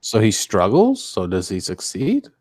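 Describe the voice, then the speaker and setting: A man's voice: fairly low pitch, huge pitch swings, measured pace, a little mellow, dry recording, studio quality. A man co-hosting a casual chat, tossing in playful jokey asides.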